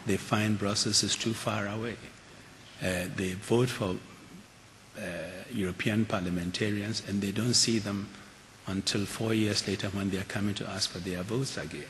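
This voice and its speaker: An older keynote speaker gives a lecture with audience Q&A in a large auditorium, where his very low voice trails a long reverb over a faint hiss. He is earnest and measured, with a steady, fairly bright tone, and often restarts his sentences.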